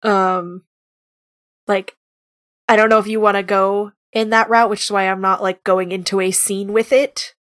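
A woman's voice: mid-range voice, flat delivery, normal speed, fairly bright tone. A woman chatting casually while planning a role-play scene, swearing freely and filling with "like". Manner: profane, laughing, lots of "like". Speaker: tabletop role-play player.

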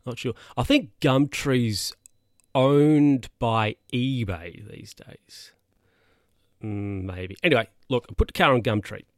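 A man's voice: mid-range voice, takes it slowly, no echo. Rambling man, dry close sound. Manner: rambling, self-correcting, chatty. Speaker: podcast host. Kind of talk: casual solo podcast monologue.

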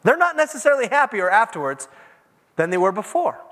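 A man preaching a sermon in an animated, conversational way, acting out quotes as he goes. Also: sits high, a little fast. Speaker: pastor. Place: church. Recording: long church-hall reverb.

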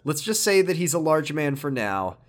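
A man's voice: a little high, sing-song, moderate pace. Laid-back man recapping a game. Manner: laid-back, swears freely, laughs often. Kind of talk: casual recap of a video game.

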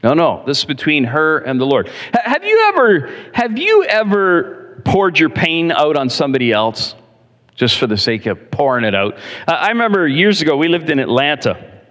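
A male pastor preaching a sermon to his congregation, telling stories in an animated, direct way. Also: fairly high pitch, normal speed. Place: church. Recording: long reverb in a large hall.

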